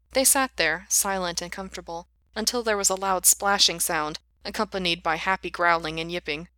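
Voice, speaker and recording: A woman reads a story aloud in an even, unhurried voice. Her voice is low but bright and forceful. The recording is dry and close. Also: no room sound. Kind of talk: reading fan fiction aloud.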